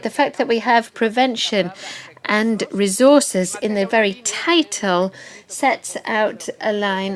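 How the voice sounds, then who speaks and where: A woman giving a conference presentation, speaking in a measured, explanatory way and stressing key words. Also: mid-range voice. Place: conference hall.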